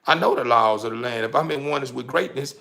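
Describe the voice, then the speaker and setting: A gravelly-voiced young man sermonizes in a casual monologue. His pitch sits in the middle of the range, and he gets heated and profane. He often stumbles through repeated words. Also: fast talker, bright, forceful tone. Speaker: vlogger.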